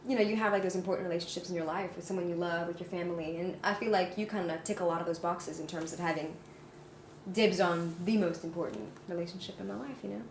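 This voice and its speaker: A woman's voice: on the low side, fairly even intonation, fast talker, slight background noise. An American woman musician speaking earnestly and reflectively in a casual interview. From United States. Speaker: musician guest. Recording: roomy room.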